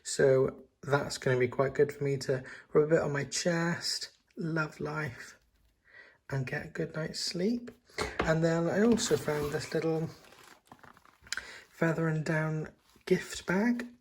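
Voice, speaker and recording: A man with a hoarse voice, chatting eagerly through a casual home haul vlog. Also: fairly high pitch, slow pace, a little hiss or hum. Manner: chatty and eager, with frequent ums. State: hoarse, recovering from laryngitis. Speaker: vlogger. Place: at home, indoors.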